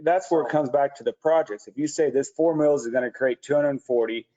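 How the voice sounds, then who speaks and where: Male commissioner, quick and earnest, mid-pitched; dull meeting-room audio. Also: warm tone. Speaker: city commissioner. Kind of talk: public meeting discussion. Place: commission room at city hall. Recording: muffled lo-fi meeting recording.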